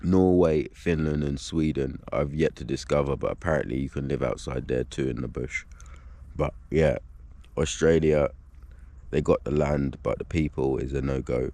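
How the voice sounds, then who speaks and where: A man's voice: very deep voice, steady tone, normal speed, dark tone. A man talking casually to his own camera, rambling and profane. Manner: rambling and profane, full of "like" and "you know what I mean". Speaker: video blogger. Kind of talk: casual vlog monologue.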